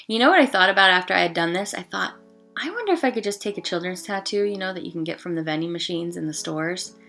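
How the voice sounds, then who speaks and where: Chatty young woman with a gravelly edge. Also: fairly low pitch, bright, forceful tone. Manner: chatty, rambling, with many fillers and asides. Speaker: nail art vlogger. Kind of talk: casual voice-over tutorial.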